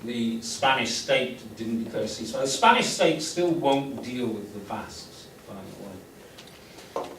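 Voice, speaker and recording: A man's voice: mid-range voice, very animated, unhurried, a bit bright. A man lecturing to a class, explaining step by step, with frequent restarts and fillers. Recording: roomy classroom audio, recorded from a distance with faint noise.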